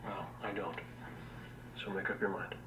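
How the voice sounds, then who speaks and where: An actor playing a dry, sarcastic ship captain with a deadpan delivery, in a clip from a TV drama. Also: male voice, sits low, normal speed, far from the mic, noisy background, natural voice. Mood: wry. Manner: wry, deadpan. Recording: echoey TV clip with music.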